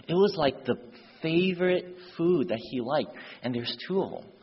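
Preacher guy telling a story in his sermon, husky voice, lots of "like", big hall reverb. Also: a little high, moderate pace. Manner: animated storyteller, shifts voices for characters, filler words like "like". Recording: dull lo-fi sound, long hall reverb.

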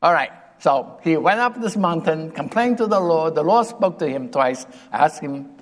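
A man preaching a sermon, retelling a scripture story in a deliberate, halting way with restarts and emphasis. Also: fairly high pitch, animated. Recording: long reverb of a hall.

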